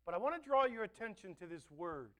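High-voiced preaching man. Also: very animated, quick pace. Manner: dynamic preaching, swinging between loud stresses and soft asides. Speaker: pastor. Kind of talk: sermon. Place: church.

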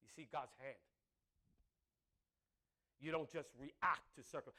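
A man's voice: fairly high pitch, animated, moderate pace, pauses often, pushed and bright. A middle-aged man preaching a sermon, joking with the crowd, laughing often and repeating his words.

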